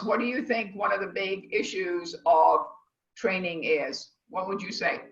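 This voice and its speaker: Teaching cooking online over a video call, this instructor delivers her lecture with a rambling, emphatic teacher's cadence. Her pitch is medium and her pace a little slow; the audio is lo-fi, dull and echoey.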